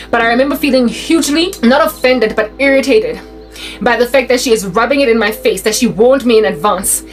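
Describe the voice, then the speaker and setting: Brief: young South African woman, lively casual storyteller, a bit high-voiced, faint music behind. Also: brisk, poor audio. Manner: animated, mixes in Sesotho phrases, restarts often.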